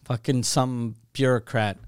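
Canadian podcast co-host, man, swears a lot, animated storyteller, dry close sound. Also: mid-range voice, measured pace, clean tone, dry recording. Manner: profane, animated storytelling, acts out quoted calls. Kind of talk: casual chat, storytelling.

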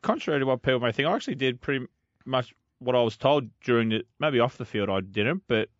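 A man's voice: medium pitch, lively intonation, fast talker, no echo. A middle-aged Australian man, a former footballer, chatting casually as co-host, laid-back and self-mocking. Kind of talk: casual podcast chat. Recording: dull lo-fi dry sound.

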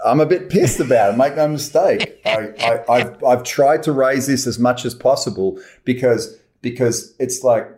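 A man in his fifties from Australia with an Australian accent, a guest in a casual interview who makes his points with emphatic swings in pitch. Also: a little slow, noisy background. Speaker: guest actor.

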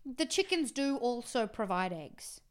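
A woman's voice: on the high side, a little slow, clear, resonant tone. A woman co-hosting a casual podcast, animatedly recapping a TV show and acting out quotes. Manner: animated storyteller, acts out quotes, swears. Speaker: podcast co-host.

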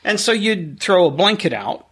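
A middle-aged man co-hosting a podcast, telling stories in a wry, deadpan way with bursts of laughter. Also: high-pitched, moderate pace, breathy edge. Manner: wry, deadpan storyteller who breaks into laughter. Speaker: podcast co-host. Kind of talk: casual storytelling chat.

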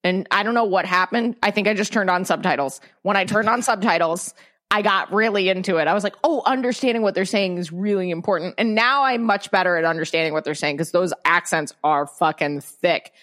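A woman's voice: lowish voice, brisk, a bit bright. A young adult woman talking candidly as a podcast guest, swearing casually and restarting her sentences.

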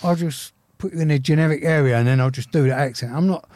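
A man's voice: fairly high pitch, fast talker, a little mellow, no echo. A man co-hosting a podcast, teasing his guests with sweary banter in casual comedy chat. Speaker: podcast co-host.

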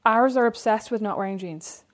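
A woman's voice: a little high, brisk. A middle-aged woman co-hosting a casual chat, chatty and playfully indignant. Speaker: podcast co-host.

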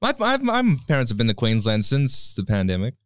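A man's voice: on the low side, huge pitch swings, a little fast, no echo, clean studio sound. A man, an easygoing podcast co-host musing aloud in casual banter.

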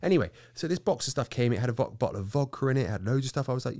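A man telling a story in casual chat, animated, swearing freely and stammering when excited. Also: medium pitch, very fast, hardly any pauses, dry recording, studio quality.

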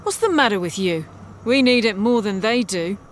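A woman voicing a gruff, blunt male starship captain who talks in short, commanding bursts. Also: mid-range voice, expressive, moderate pace, slight background noise, close to an everyday voice. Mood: brusque. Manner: brusque, commanding.

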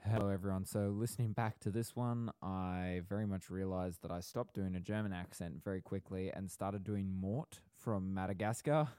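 A man's voice: sits low, fairly even intonation, normal speed, hardly any pauses, warm tone, clear, resonant tone, no room sound. A young man co-hosting a podcast, chatting playfully and laughing easily. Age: young adult. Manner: playful, laughing, good-humored. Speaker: podcast co-host. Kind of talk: casual chat.

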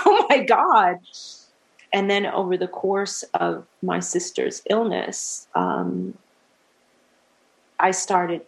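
Animated middle-aged woman telling stories. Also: on the low side, gravelly. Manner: animated, laughs often, acts out quoted dialogue. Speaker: musician guest. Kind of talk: casual storytelling interview.

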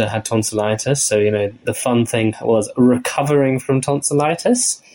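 A man's voice: medium pitch, darkish tone. A young man from the north of England with a slight northern accent, co-hosting a podcast in wry, chatty conversation. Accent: slight northern English. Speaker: podcast co-host. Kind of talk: casual chat.

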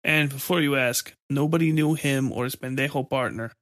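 A man's voice: mid-range voice, steady tone, fairly bright tone, no room sound, clean studio sound, lightly acted. A man doing a resigned, fatalistic man. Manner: slow, resigned, occasionally cursing in Spanish.

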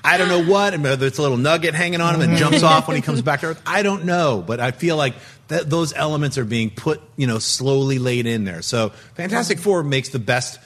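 A man hosting a casual pop-culture panel podcast, talking in an animated, jokey, emphatic way. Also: on the high side, brisk, hardly any pauses.

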